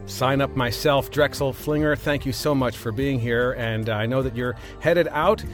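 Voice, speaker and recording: A man's voice: mid-range voice, normal speed, faint music behind. A man interviewing a guest in a spoof interview, polite and straight-faced. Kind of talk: mock interview.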